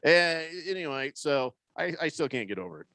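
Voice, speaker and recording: A man co-hosting a sports radio show, joking around and slipping into quick put-on voices. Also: on the high side, big pitch swings, pushed and bright, dry recording. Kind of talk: casual sports talk banter. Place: radio studio.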